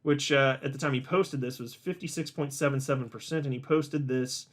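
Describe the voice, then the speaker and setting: The host of a crypto market channel gives casual market commentary, reading posts aloud and speaking bluntly and emphatically with frequent fillers. His medium-pitched voice is steady in tone and a little fast.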